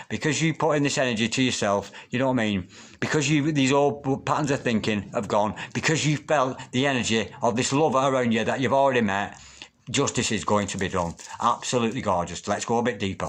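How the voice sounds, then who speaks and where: A man giving a solo tarot reading, effusive and excitable, who chants the same invocations over and over. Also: lowish voice. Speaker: tarot reader.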